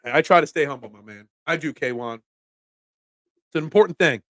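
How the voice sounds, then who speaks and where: A man hosting a casual sports talk show, ranting in an animated, self-deprecating way. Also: a little high, brisk, dry recording.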